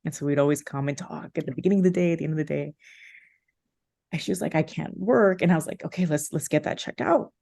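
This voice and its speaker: A woman's voice: low-pitched, quick pace, vocal fry, mellow. A woman in her thirties, a podcast guest, telling a personal story with heartfelt emotion, many fillers and restarts.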